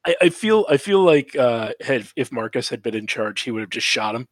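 A man's voice: mid-range voice, lively intonation, dry recording. Man, podcast host, casual chat, rambling restarts, dry close mic. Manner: rambling, restarts, quick laughing asides. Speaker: podcast host recapping episodes.

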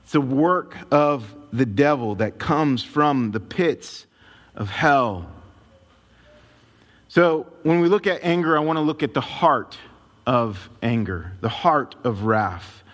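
A man preaching a sermon to a congregation in a church, emphatic, with dramatic swings of pitch and pace. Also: expressive, slow, fairly bright tone. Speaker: pastor. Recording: long reverb of a large hall.

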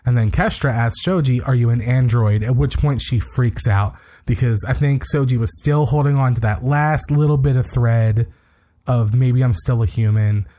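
A man talking through a TV episode for a podcast, acting out lines as he goes. His voice sits at an ordinary middle pitch, and his talk is casual and full of fillers and restarts. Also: normal speed, mellow. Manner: retells scenes with quoted lines, many fillers. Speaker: podcast co-host.

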